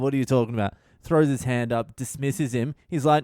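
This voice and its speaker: A middle-aged man tells a profane story on his podcast. His voice is smooth and clear, recorded dry and close. He swears freely and acts out the people in the story as he goes. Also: mid-range voice, a little fast, few pauses, no echo. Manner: animated, swears constantly, acts out quotes. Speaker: comedian and podcast host.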